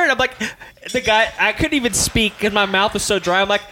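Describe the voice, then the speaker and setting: A man from Louisiana, a podcast host, telling a story in casual chat, animated and swearing, acting out the quotes with laughter. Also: very high-pitched, fairly quick, heavy background noise. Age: adult.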